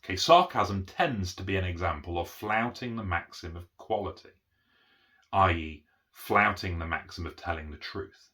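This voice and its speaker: A middle-aged man talks in one unscripted take, teaching a concept step by step. His voice sits low yet has a bright, forceful edge. He keeps stopping to ask "okay?" and often restarts his sentences as he thinks aloud. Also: moderate pace. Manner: explanatory, repeats "okay?" to check understanding; frequent restarts and fillers. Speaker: autism educator.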